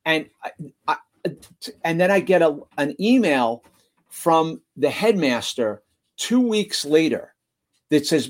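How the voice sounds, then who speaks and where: A man's voice: on the high side, animated, takes it slowly, pauses often. Earnest man telling a story. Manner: earnest, stumbling restarts. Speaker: guest, motivational school speaker. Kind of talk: storytelling in conversation.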